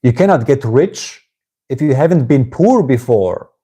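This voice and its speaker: Warm-voiced German-accented spiritual teacher. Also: male voice, mid-range voice, animated, unhurried, husky. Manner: reflective, ends phrases with questioning "yeah?". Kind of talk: live-streamed satsang talk.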